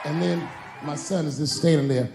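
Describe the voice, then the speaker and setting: A man's voice: a little high, normal speed, creaky, over music. A man telling a story in a stand-up comedy set. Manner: lively, animated storytelling.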